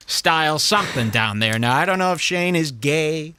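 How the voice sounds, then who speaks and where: Lively mocking male comedy host. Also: fairly high pitch, moderate pace, hardly any pauses, smooth, dry recording. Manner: mocking, animated, puts on silly voices. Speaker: show host. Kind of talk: crude comedic commentary.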